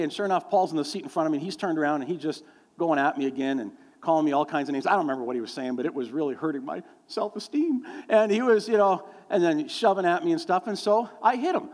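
A middle-aged man preaching a sermon, telling folksy stories with lots of fillers and acting out the voices of people he quotes. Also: sits high. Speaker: pastor. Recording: long hall reverb.

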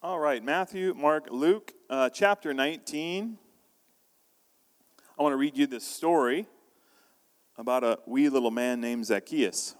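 A man's voice: medium pitch, unhurried, pauses often. A man preaching a sermon as pastor, telling a story in a conversational way with frequent restarts. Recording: long reverb of a large hall.

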